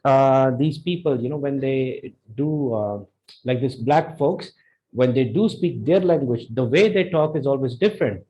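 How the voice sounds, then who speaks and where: A young man with an Indian accent teaching a spoken English lesson, animated and jumping his pitch up and down to show intonation. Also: low-quality recording. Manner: animated, demonstrates intonation with sudden pitch jumps. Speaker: English speaking tutor.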